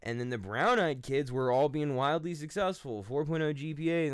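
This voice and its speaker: A man's voice: a little high, normal speed, smooth, no echo, clean studio sound. A man hosting his channel, giving a casual philosophical monologue in blunt, profane storytelling that acts out the people he quotes. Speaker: channel host.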